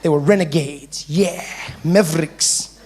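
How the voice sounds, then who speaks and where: A man's voice: fairly high pitch, measured pace, a little mellow. A male stand-up comedian with a South African accent telling a playful story.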